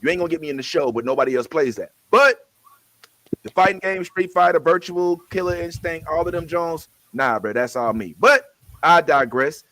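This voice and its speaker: A man's voice: fairly high pitch, normal speed, fairly bright tone, no echo. A middle-aged man hosting a casual chat, easygoing and slangy, with boastful banter.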